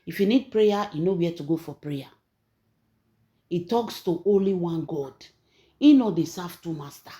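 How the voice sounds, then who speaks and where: Emphatic Nigerian woman, low voice. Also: animated, normal speed, long pauses. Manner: emphatic, preachy, rising and falling in loudness. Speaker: channel host and gossip storyteller. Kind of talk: animated gossip commentary.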